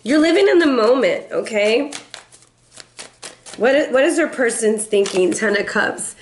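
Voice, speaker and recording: A middle-aged woman reads tarot in a loose, playful way and chats easily with her viewers. She slips into little sung lines and acts out other people's words with an animated delivery. Her voice sits fairly high for a woman. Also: measured pace, a little hiss or hum. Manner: playful and chatty, breaks into song snippets. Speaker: tarot reader and life coach. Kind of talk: casual tarot reading.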